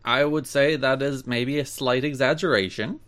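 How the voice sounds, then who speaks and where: A man's voice: mid-range voice, steady tone, moderate pace, fairly bright tone. A young man hosting a podcast in casual chat, dry and teasing. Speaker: podcast host.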